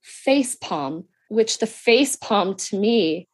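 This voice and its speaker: A woman in her thirties talking in a casual podcast conversation, reflective and measured, explaining her view at length. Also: medium pitch, animated. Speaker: podcast guest, daughter and teacher.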